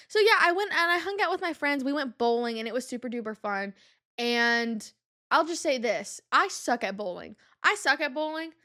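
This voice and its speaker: A young woman with a high, bright-sounding voice chats through a casual podcast monologue. She talks in an animated, exasperated rush of "like" and "um" while telling personal stories. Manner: animated and exasperated, with lots of fillers like "like" and "um". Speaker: podcast host.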